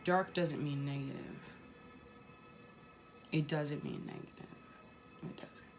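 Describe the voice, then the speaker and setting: Woman, spiritual vlogger, lowish voice, emphatic and repetitive, casual swearing, soft music underneath. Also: sing-song, takes it slowly.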